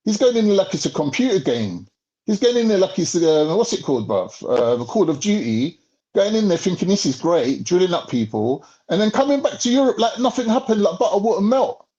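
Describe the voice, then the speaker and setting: Heated man with a lively, swooping voice. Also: high voice, brisk. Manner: heated, profane ranting. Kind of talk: casual podcast chat. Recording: slightly muffled lo-fi audio.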